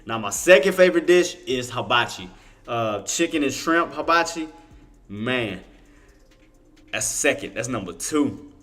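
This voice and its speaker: Commentating on stock trades over a livestream, a Cajun-accented man from Louisiana is casual and excitable, using plenty of Southern slang and correcting himself often. His voice is mid-range, and he is unhurried, pausing often.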